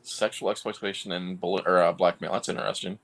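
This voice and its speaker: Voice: deep voice, level tone, fast talker, creaky, a crowd in the background. A speaker joking around in casual chat with friends.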